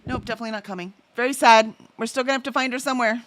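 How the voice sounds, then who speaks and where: A woman's voice: a little high, fairly even intonation, very fast, fairly bright tone, no echo. A woman hosting a casual livestream, chatting and reading out viewer messages, easily sidetracked and full of fillers. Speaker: livestream host.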